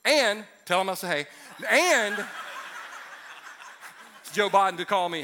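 A man's voice: high voice, expressive, takes it slowly, pushed and bright, a little hiss or hum. A man in his fifties preaching a sermon to a church audience, conversational and emphatic, mixing jokes with serious points. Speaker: pastor.

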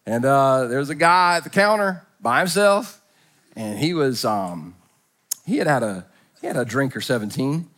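A middle-aged male pastor giving a humorous sermon at a church service, storytelling with comic impressions and swinging from soft to loud. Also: medium pitch, animated, moderate pace.

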